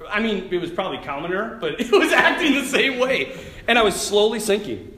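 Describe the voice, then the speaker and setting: A priest giving a talk at a retreat, telling a story in an animated way, often laughing and acting out what people said. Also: male voice, high voice, brisk, echoey room.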